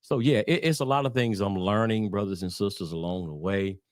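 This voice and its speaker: A man's voice: on the low side, brisk, no echo, clean studio sound. A man with a Southern US accent giving a casual religious talk, rambling with fillers and restarts and calling his viewers y'all. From Southern United States. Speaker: religious channel host.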